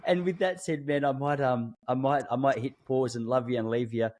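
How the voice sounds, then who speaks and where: A man's voice: medium pitch, steady tone, a little fast, darkish tone, slight background noise. A man hosting a podcast, talking in a casual, enthusiastic and informal way. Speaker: podcast host.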